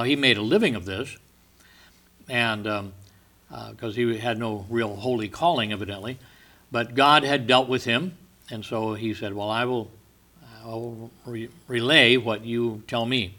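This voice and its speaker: A man's voice: medium pitch, measured pace, sharp tone. A man teaching from the Bible, reading verses with rising emphasis and retelling the stories in casual asides. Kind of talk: sermon.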